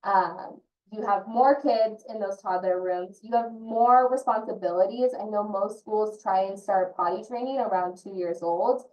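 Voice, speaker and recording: Her medium-pitched voice is a little slow with a darkish tone as she, an early childhood consultant, speaks earnestly and personally as a parent during an online training session. A distant mic adds roomy echo.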